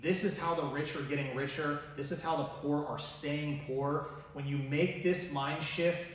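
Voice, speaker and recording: A man's voice: a little high, steady tone, measured pace, a little hiss or hum. A man hosting a personal finance video, talking straight to the viewer with enthusiasm and many rhetorical questions. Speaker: finance YouTuber. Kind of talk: direct-to-camera finance vlog. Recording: very echoey room, mic at a distance.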